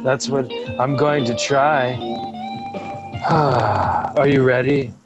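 A young man co-hosting a comedy podcast who reads a crude mock movie trailer in deadpan announcer style. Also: mid-range voice, extremely slow. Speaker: podcast co-host. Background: guitar music.

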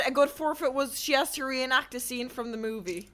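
A woman streamer chatting with friends on stream, teasing and animated, with loud outbursts. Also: high-pitched, fairly quick. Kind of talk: casual group chat on stream. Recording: noisy background.

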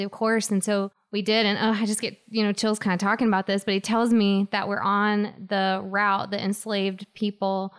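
Earnest woman guest, smooth voice. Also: medium pitch. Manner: earnest, halting with many fillers. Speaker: guest telling her story. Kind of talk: personal storytelling interview.

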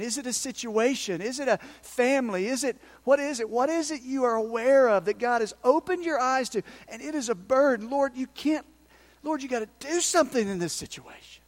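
A man's voice: extremely high pitch, moderate pace. A male pastor preaching a sermon, acting out prayers and asides with passion.

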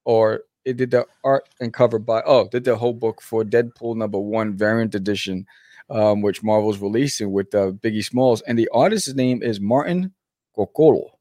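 A man's voice: on the low side, moderate pace, dark tone, no echo, clean studio sound. A man co-hosting a casual chat, laid-back with slang and lots of fillers. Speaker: podcast co-host, comic artist.

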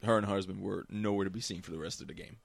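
Lower-voiced man telling animated sports stories. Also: racing, vocal fry, no echo. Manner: animated storyteller with many restarts. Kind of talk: casual chat.

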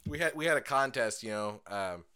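A man's voice: mid-range voice, a little fast, smooth. A young adult man co-hosting a casual podcast chat, telling stories with lots of swearing and laughter. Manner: animated storyteller, swearing, laughing, acting out voices. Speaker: podcast co-host.

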